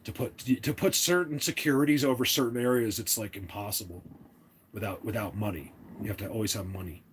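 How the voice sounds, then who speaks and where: A man's voice: on the low side, brisk, slight background noise. A man hosting a casual livestream, talking to his chat in an opinionated, rambling way with many restarts. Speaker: livestream host.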